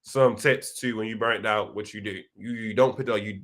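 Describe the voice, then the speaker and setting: A young man hosting a live chat, reading viewer comments and telling stories in a slangy, animated way. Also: fairly quick, hardly any pauses, a little hiss or hum. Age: young adult. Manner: animated, slangy storytelling with big pitch jumps. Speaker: host of a live chat session.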